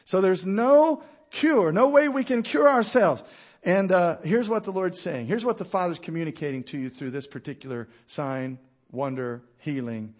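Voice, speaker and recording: A man preaching with a high, bright voice and a lively delivery. He acts out Bible characters in quick voices, then drops low and quiet to drive a point home. It is a pastor's sermon to his congregation.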